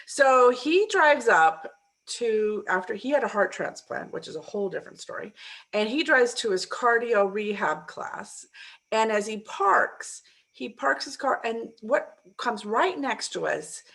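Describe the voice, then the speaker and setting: A woman's voice: fairly high pitch, measured pace, vocal fry. A middle-aged woman, a mindset coach, telling a story in a casual interview and acting out the people she quotes. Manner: animated, acts out quoted voices with laughter.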